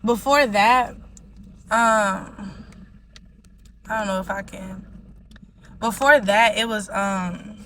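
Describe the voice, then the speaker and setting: A woman's voice: mid-range voice, slow, long pauses, a bit bright, a little hiss or hum, poor audio. A woman giving a casual tarot reading in a rambling way, leaning heavily on filler words. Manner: rambling, heavy use of "like" fillers. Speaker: tarot reader.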